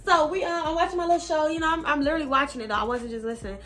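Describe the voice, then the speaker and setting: A young woman casually telling a personal story on her vlog, slangy, animated and now and then profane. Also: high voice, rapid-fire. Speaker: vlogger.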